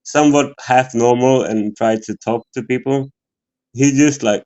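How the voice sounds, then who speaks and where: A man chats as a guest on a livestream, his pitch mid-range. He rambles and stalls on fillers and swears freely. His voice comes through a dull, lo-fi call line. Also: unhurried, a little mellow. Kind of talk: casual livestream chat.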